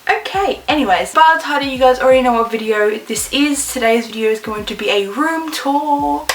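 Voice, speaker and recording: A young woman with an Australian accent chats to her camera in a casual, self-mocking way. Her voice sits a little high, and she films by hand as she walks around her bedroom. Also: moderate pace, a little hiss or hum, low-quality recording. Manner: chatty, joking, self-deprecating. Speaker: vlogger. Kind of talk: casual room-tour vlog. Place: bedroom indoors. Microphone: handheld camera.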